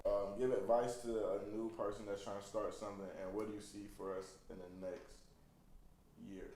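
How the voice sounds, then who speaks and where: A man hosting a podcast in casual chat, relaxed and laughing as he steers the questions. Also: on the low side, normal speed, heavy reverb, a little hiss or hum.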